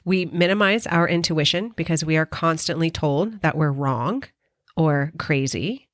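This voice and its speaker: A middle-aged woman hosts her own podcast and talks through a personal story, earnest and openly emotional, with casual swearing along the way. Her voice sits a little low. The sound is close and dry, with no room echo. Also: measured pace. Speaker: podcast host.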